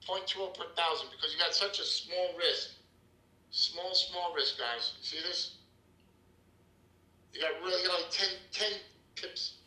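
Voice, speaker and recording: Energetic man, echoey room. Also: high voice, unhurried, pauses often. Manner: energetic, salesy, calls out to viewers. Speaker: trading room host. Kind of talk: live trading room chat.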